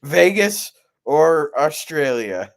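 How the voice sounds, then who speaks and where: Male podcast co-host, slightly high voice, joking banter. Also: big pitch swings, slow pace. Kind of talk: casual sports podcast chat.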